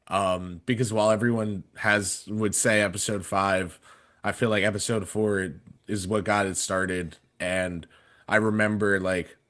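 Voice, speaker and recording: A man's voice: lowish voice, a bit bright. A man in his twenties casually telling a story on a podcast, rambling with many fillers and restarts. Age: 20s. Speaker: podcast panelist.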